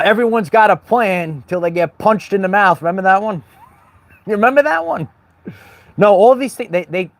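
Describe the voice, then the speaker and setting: A man hosting a spiritual livestream, talking in a preachy, repetitive way and calling out chat viewers by name. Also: sits high. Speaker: livestream host.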